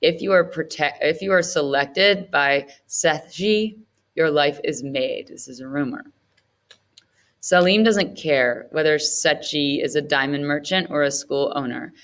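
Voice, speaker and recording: A woman's voice: low voice, unhurried. Woman narrating a novel. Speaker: audiobook narrator. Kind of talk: first-person novel narration.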